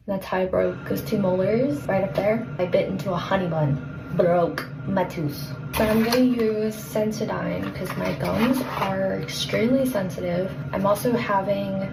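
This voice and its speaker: A woman's voice: mid-range voice, darkish tone, a little hiss or hum. Young woman vlogging, nervous and teary, roomy bathroom echo. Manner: emotional, anxious, close to tears. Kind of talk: confessional selfie vlog. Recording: echoey room, faint ambience.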